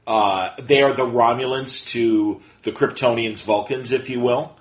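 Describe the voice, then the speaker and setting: A man's voice: mid-range voice, fairly even intonation, measured pace. A man hosting a casual podcast interview, playful and teasing, with casual swearing. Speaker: podcast host.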